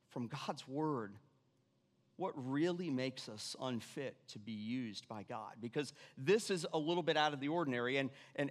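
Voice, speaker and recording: Preaching man in an echoing hall. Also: fairly high pitch. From Irish family background. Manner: animated preaching with repeated lines and sudden drops to quiet. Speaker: pastor. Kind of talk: sermon. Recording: long reverb of a church hall.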